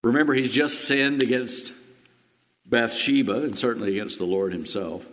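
A male pastor preaching a sermon, firing rhetorical questions and swinging between loud emphatic lines and hushed ones. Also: mid-range voice, normal speed. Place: church sanctuary. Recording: long hall reverb.

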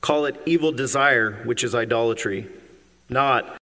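A pastor preaching a sermon, earnest and emphatic, with occasional ums and uhs. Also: male voice, medium pitch, moderate pace, sharp tone. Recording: long hall reverb.

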